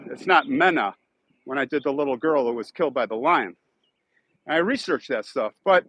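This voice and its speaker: A man's voice: fairly high pitch, fairly bright tone, rough recording. A man with a Chicago accent, chatting casually and rambling with viewers on a live stream. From Chicago, United States. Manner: rambling and chatty, thanks donors. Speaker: YouTube host on a live stream.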